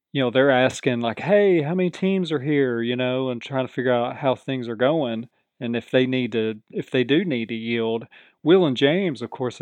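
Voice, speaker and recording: A man hosting a podcast, casually recapping a reality show and acting out the contestants' lines in animated voices. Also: mid-range voice, no room sound. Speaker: podcast host.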